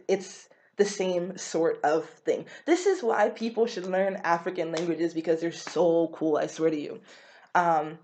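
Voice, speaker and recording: A young woman speaks in a relaxed vlog. Her voice sits a bit low. She is chatty and rambling, with frequent fillers and quick self-corrections as she explains. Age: young adult. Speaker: vlogger.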